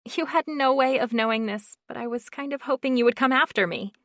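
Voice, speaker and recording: A woman's voice: fairly high pitch, fairly quick, a bit bright, dry recording, clean studio sound, voice pushed up. A woman narrator voicing a timid young woman singer who speaks in a feathery, quivering voice. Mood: tearful, apologetic. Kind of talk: audiobook narration.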